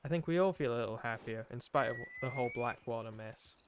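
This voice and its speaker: A man putting on a gruff cowboy drawl to read an outlaw's journal aloud. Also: high voice, wildly swooping pitch, moderate pace, background noise, pitched above the performer's own voice. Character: rough male frontier outlaw writing in his journal. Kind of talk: reading aloud in a put-on accent.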